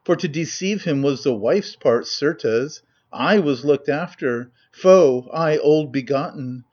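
A man reading the lines of a gloating usurper in a proud, measured declaiming manner. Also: a little high, a little mellow, lo-fi sound. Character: gloating usurper, avenger of his father.

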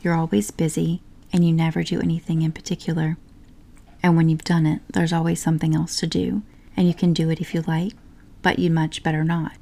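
A woman's voice: deep voice, little pitch movement, a little fast, gravelly, dark tone. A woman voicing a cheerful, boat-loving male water rat in a whispered role-play from a storybook, hearty and dreamy. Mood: easygoing. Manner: hearty, confident, dreamy about boats.

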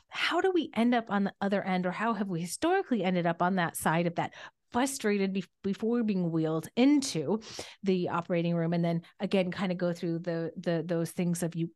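A woman hosts a podcast and draws out her guest in a chatty, encouraging way. She speaks as a clinician, with a mid-pitched everyday voice. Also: darkish tone. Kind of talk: casual podcast interview.

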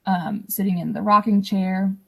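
A young woman, a podcast guest, casually recounting a personal story in an animated way, acting out what others said. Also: mid-range voice, moderate pace, gravelly, breathy edge. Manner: animated, acts out quoted dialogue.

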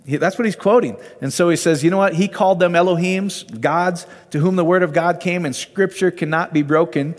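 Animated man teaching scripture in a hall. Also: sits high, fairly quick, few pauses. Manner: conversational, animated, often asks the listeners questions. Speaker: Bible teacher. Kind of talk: informal sermon.

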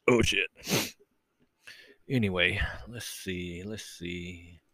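A man's voice: deep voice, very slow, pushed and bright, slight background noise, rough recording. A man hosting his own solo podcast, rambling casually and swearing, mocking himself as he goes. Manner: rambling, profane, self-mocking. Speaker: podcast host.

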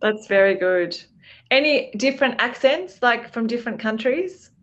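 A woman's voice: fairly high pitch, lively intonation, moderate pace. Encouraging woman host, muffled sound. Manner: encouraging, enthusiastic. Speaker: podcast host. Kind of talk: casual podcast interview.

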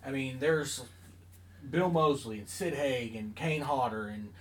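A man's voice: medium pitch, a little slow, a bit bright, rough recording. A man chatting casually on a podcast, telling a long story with lots of fillers and asides. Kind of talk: casual chat.

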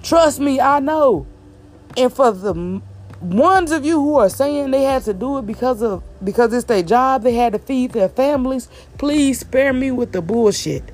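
A woman from the American South, a vlogger giving an emphatic, exasperated commentary to camera, speaking slowly and deliberately so every word is clear. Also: high-pitched, expressive, darkish tone. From Southern United States. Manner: deliberately slow, clear delivery. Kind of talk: direct-to-camera commentary rant.

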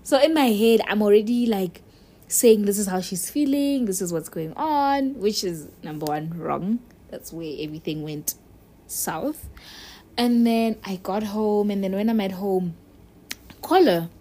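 A young woman talking candidly to camera in a relaxed vlog. Her pitch sits in a middle range, neither high nor low. She speaks directly to her listeners as she tells a personal story. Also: measured pace. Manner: chatty, candid, addresses viewer directly. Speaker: vlogger.

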